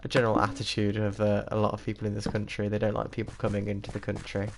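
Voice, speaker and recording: A man's voice: lowish voice, monotone, quick pace, creaky. A young man from the UK with a slightly posh English accent, chatting in a rambling way while playing a game and laughing at himself. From United Kingdom. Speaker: gaming YouTuber. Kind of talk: casual gameplay commentary. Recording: noisy recording with mouse clicks.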